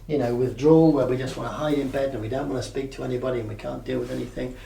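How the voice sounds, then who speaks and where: A man's voice: mid-range voice, steady tone, very fast, creaky, dark tone. A man coaching a group on mindfulness in a conversational way, often checking that they follow. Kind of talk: teaching a group session. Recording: echoey room, mic at a distance.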